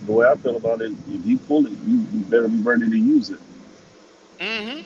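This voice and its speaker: A man's voice: mid-range voice, sing-song, a little fast, lo-fi sound, background noise. A man on a panel call, talking in a laid-back, shrugging way. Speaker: panel guest. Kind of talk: casual chat.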